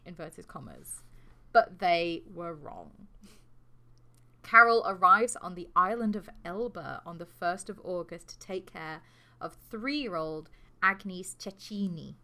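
A woman's voice: fairly low pitch, a little slow, bright, forceful tone. A woman co-hosting a podcast, telling a true crime story in a casual, sweary, jokey way. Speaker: podcast co-host.

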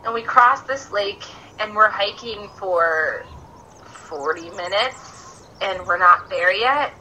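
Bright-voiced chatty woman storyteller. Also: medium pitch, slow pace, a little hiss or hum, rough recording. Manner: animated, chatty, frequent "like" fillers. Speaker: podcast guest. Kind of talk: casual storytelling.

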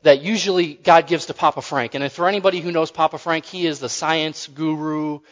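A man's voice: fairly high pitch, fairly even intonation, fairly quick, in a large hall, lo-fi sound. A man preaching a sermon in a loose, conversational way, joking and often restarting his phrases.

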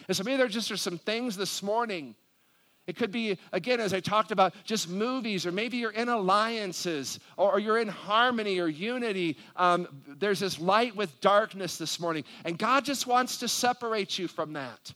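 A middle-aged pastor with a fairly high voice delivers a Sunday sermon in a church sanctuary. He reads scripture aloud and then turns to earnest, prayer-like appeals to the people in front of him. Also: normal speed, bright, forceful tone.

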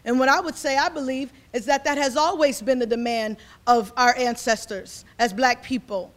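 A woman speaks as a community organizer, her voice sitting high. She talks fervently and a little ramblingly, circling back and repeating words as she pushes her point. The delivery is loose and conversational, slipping into casual phrasing mid-speech. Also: normal speed. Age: 40s. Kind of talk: impassioned speech to an audience.

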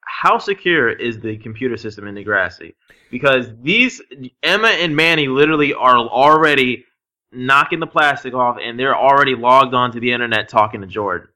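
A man co-hosting a casual podcast muses out loud and laughs often. His voice has a bright, sharp edge at a middle pitch, and he fills his sentences with hedging fillers. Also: normal speed. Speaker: podcast co-host.

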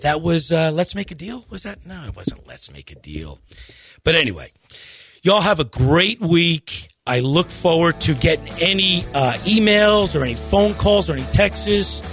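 A man's voice: fairly high pitch, sing-song, normal speed, a bit bright, husky, faint music behind. A man hosting a golf radio show, pleading earnestly in a rambling rant full of restarts. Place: radio studio.

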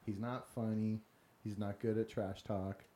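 A relaxed, chatty man co-hosts a casual podcast, laughing easily. The room is echoey, and a faint hiss sits behind his voice. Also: fairly low pitch, measured pace. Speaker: podcast co-host. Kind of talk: casual chat.

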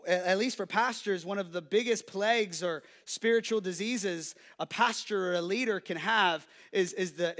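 A young adult male pastor preaching an energetic sermon, joking and calling out to the congregation. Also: high-pitched. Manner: energetic, playful preaching with audience call-outs.

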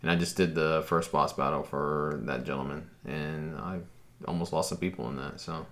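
A man co-hosting a casual chat, telling stories in a relaxed way and swearing freely. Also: a bass voice, moderate pace. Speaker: podcast co-host.

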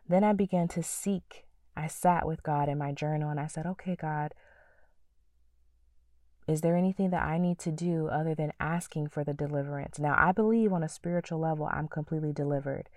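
A woman hosting a faith-based podcast, teaching in an earnest, preacherly way and dropping into soft whispers for her prayers. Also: low-pitched, steady tone, normal speed, no echo, clean studio sound, distant mic. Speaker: podcast host.

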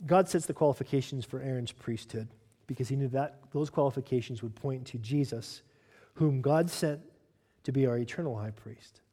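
A man's voice: medium pitch, mellow. A man preaching a sermon as pastor, emphatic and direct, who puts questions to the congregation.

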